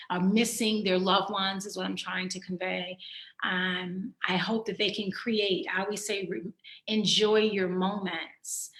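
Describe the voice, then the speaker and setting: A woman who is a writer and guest, reading her own poem and then speaking reflectively in halting sentences over a video call. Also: medium pitch, a bit bright. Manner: slow, reflective, halting with fillers. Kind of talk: poetry reading and candid conversation. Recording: roomy echo.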